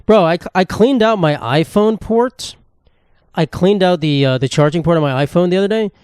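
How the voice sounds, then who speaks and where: A man's voice: sits high, normal speed, darkish tone, clean tone, no echo, studio quality. Rambling, crude young man podcasting. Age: 20s. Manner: rambling, crude, self-mocking humor. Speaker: podcast host. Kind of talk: casual solo podcast monologue. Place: indoor room, at a table.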